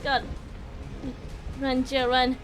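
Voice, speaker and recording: A woman streaming a game live, reacting excitedly with yelps, laughter and chatty commentary. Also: high-pitched, very slow, soft background music.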